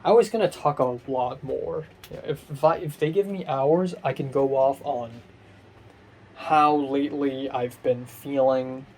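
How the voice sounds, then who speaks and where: A man's voice: mid-range voice, a little slow, darkish tone, slight background noise. A young man rambling through a casual personal vlog monologue, self-mocking, with many fillers and restarts. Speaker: vlogger.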